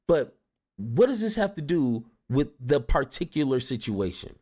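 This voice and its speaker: A man's voice: mid-range voice, sing-song, unhurried, mellow. A man hosting a reaction video, giving casual, exasperated commentary with sighs and restarts. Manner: exasperated, sighing asides with many restarts.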